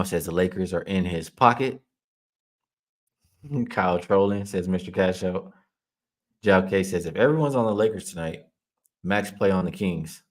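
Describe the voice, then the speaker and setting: Deep voiced guy on his betting stream, reading chat, chill and loose, laughs a lot. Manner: casual, heated when ranting at a chat troll; laughs often while reading comments. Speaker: sports betting show host. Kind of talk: livestream chat with viewers.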